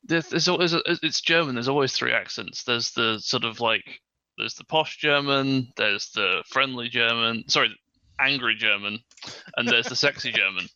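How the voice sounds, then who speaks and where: A man's voice: medium pitch, normal speed, bright, forceful tone, no echo, dull audio. A man playing a tabletop game, joking around playfully with the group. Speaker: player.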